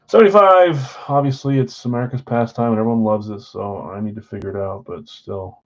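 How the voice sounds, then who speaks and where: A man's voice: lowish voice, fairly quick, dull audio. A tired, yawning man hosting a live card break stream. He chats casually with viewers and calls out which teams they hold. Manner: chatty, rambling, talks straight to viewers. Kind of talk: casual live-stream chat, calling out team spots.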